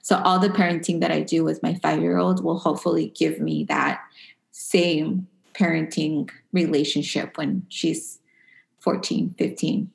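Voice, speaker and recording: Woman in her 30s, kinda low voice w vocal fry, talking about her kids, mixes in spanish, roomy echo. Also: flat delivery, measured pace. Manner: chatty, drops in Spanish phrases. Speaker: parent sharing experience. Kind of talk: casual conversational storytelling. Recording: echoey room.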